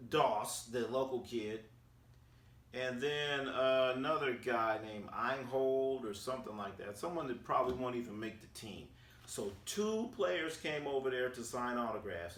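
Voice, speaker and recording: A man from Oakland in a casual storytelling recap, animated and acting out quotes with slang. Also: mid-range voice. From Oakland, California, USA. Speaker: sports vlogger. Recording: roomy sound, distant from the mic.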